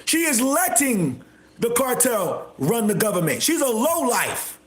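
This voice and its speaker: A man hosting a livestream, delivering a repetitive, confrontational rant with bursts of shouting. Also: extremely high pitch, big pitch swings, measured pace. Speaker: livestream host. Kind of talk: ranting livestream monologue. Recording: echoey room.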